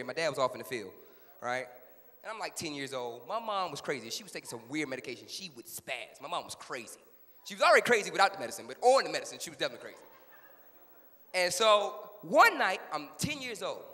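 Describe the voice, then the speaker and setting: Animated high-voiced male comic. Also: long reverb tail. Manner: animated, repeats punchlines. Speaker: stand-up comedian. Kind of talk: live stand-up storytelling.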